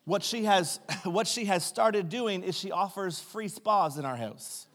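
A pastor telling funny family stories in a sermon, recorded in a church sanctuary. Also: male voice, high voice, measured pace, fairly bright tone. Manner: humorous anecdotal storytelling.

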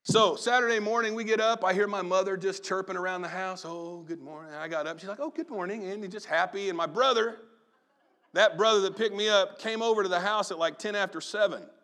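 A man preaching with a high, bright voice. He tells a story from his youth in a lively way, acting out the people in it. His delivery is animated and conversational. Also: brisk. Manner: storytelling, animated, acts out family members. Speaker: pastor. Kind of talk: sermon with personal story.

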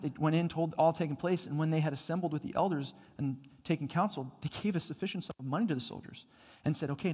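Guy preaching a sermon, kinda high voice, big church echo, gets loud then goes real quiet. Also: slightly rough. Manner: storytelling, builds to loud excited bursts then drops quiet. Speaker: pastor. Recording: long hall reverb.

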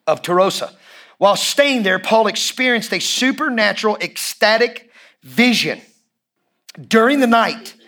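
High-voiced man preaching with fiery emphasis. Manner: energetic, emphatic preaching that repeats phrases and swings into shouts; jokey and informal with the congregation. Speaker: pastor. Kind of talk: sermon.

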